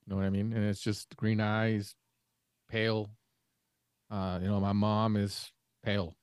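A man with a low-ish, darkish voice speaks unhurriedly in a level tone, recorded with clean studio sound and no echo. Co-hosting a podcast, this man from a Mexican family rambles through a long story in casual chat, acting out the dialogue.

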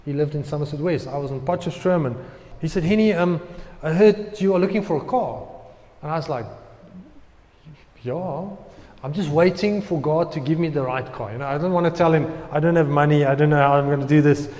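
A young man preaching, telling a personal story in an animated way and acting out his own prayers. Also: fairly high pitch, brisk, in a large hall. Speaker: pastor.

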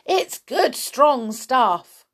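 A woman's voice: high voice, big pitch swings, very slow, a bit bright, pitched above the performer's own voice, exaggerated voice. A woman voicing a polite, cheerful young boy in a storybook reading.

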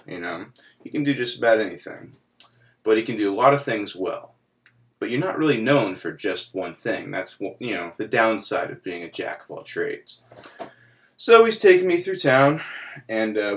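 A man's voice: lowish voice, fairly bright tone. A man telling a long joke in casual podcast chat, rambling and laughing at his own punchlines.

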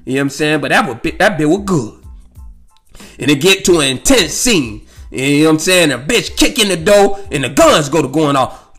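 With faint music in the background, a podcaster spins loose, profane stories at a moderate pace. His voice is on the high side, expressive and slightly bright, and he laughs at his own jokes while checking in with "you know what I'm saying."

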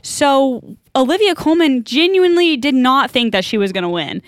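A woman's voice: high-pitched, animated, moderate pace, no room sound, clean studio sound. A woman hosting a podcast in casual chat, bubbly and chatty with lots of filler words. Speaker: podcast host.

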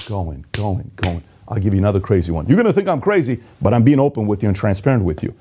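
A man from Iran giving an intense motivational monologue, swinging between loud urgency and quiet emotion. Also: mid-range voice, gravelly, slightly rough. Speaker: motivational speaker.

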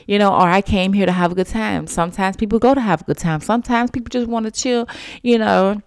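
A woman's voice: mid-range voice, fast, smooth, no room sound, clean studio sound. A woman, rambling casually as a solo podcast host and saying "y'all" a lot. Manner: chatty, rambling, uses "y'all" and "you know"; eating and sipping tea while talking.

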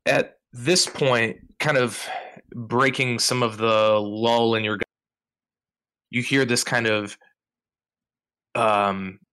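A man running a tabletop game as game master, narrating in a relaxed, rambling way. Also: medium pitch, slow pace, long pauses, clear, resonant tone, no room sound. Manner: relaxed, rambling, many fillers.

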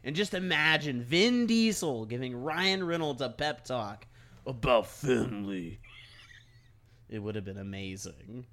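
A man's voice: mid-range voice, lively intonation, unhurried, a bit bright. A man joining a casual movie podcast, jokey and emphatic, often tossing in "dude". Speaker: podcast co-host. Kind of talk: casual movie review chat.

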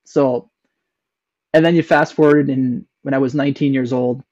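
Steady in tone and moderately paced, a young man with a Canadian accent and a slightly mellow voice rambles through a long personal story on a podcast. He uses plenty of fillers and restarts in this casual telling. The sound is dull, low-fidelity, and echo-free.

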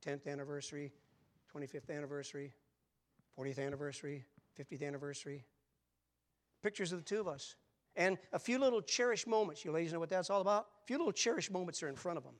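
A man in his seventies preaching a sermon, moving from quiet, conversational asides to loud, emphatic calls. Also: a little high, fast. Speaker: pastor.

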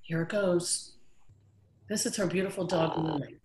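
A woman's voice: on the low side, moderate pace, a little mellow, roomy sound, slight background noise. A woman hosting a podcast, chatting in an upbeat, jokey way. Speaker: podcast host. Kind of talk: casual chat. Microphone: video call.

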